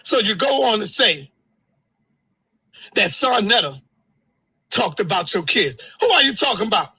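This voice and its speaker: High, shouting, heated man. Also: big pitch swings, unhurried, breathy edge, low-quality recording. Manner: heated, shouting, cursing, swinging pitch. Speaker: live streamer. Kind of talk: angry livestream rant.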